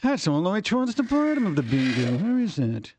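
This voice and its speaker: Excitable high-voiced man streaming. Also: a little fast, a little hiss or hum. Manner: excitable and rambling, laughs often. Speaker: livestream host. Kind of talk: casual chat with live viewers.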